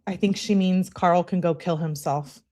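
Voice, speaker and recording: With a lowish, darkish voice and fairly even intonation, a channel host reads text messages from a case at a moderate pace. She greets her viewers casually and cuts in with blunt, profane remarks.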